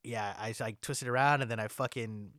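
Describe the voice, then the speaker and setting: A man's voice: mid-range voice, fairly even intonation, moderate pace, fairly bright tone, no echo, studio quality. A man co-hosting a podcast in casual chat, ranting with lots of swearing. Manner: ranting, heavy swearing, lots of filler likes. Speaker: podcast co-host.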